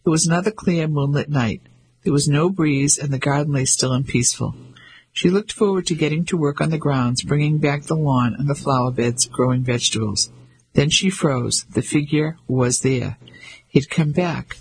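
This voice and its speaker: A man reading an audiobook as narrator, with measured storytelling. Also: on the high side, a little hiss or hum, rough recording. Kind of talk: scripted narration.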